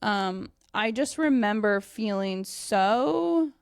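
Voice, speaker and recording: A young woman and dog trainer telling a casual story, animated, with many fillers and frequent swearing. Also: mid-range voice, slow pace, gravelly, smooth, dry recording, studio quality. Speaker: dog trainer and company owner.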